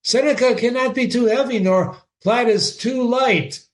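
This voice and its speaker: A man voicing a pompous, long-winded old courtier, rattling off lists in a raised, higher voice for a read-aloud play. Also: unhurried.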